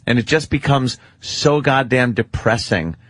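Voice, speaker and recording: A man's voice: mid-range voice, lively intonation, a little slow, a bit bright, no echo. A man, a radio host, telling profane, rueful stories about past jobs in a casual chat.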